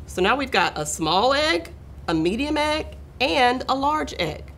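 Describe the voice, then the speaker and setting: A middle-aged woman reading a picture book aloud to children, expressive and talking to her young listeners. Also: high-pitched, a little slow, slight background noise. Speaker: school administrator reading aloud.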